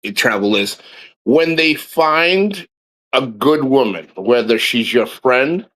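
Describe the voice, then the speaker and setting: A man's voice: mid-range voice, animated, takes it slowly, fairly bright tone. A man hosting a livestream, talking bluntly and profanely in a rambling, casual chat. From foreign man living in the Philippines. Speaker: host of a livestream.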